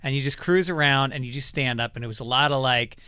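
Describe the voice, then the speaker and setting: A man in casual chat who mostly adds short reactions, then tells his own story about playing rough comedy gigs. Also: medium pitch, fast talker, sharp tone, dry recording.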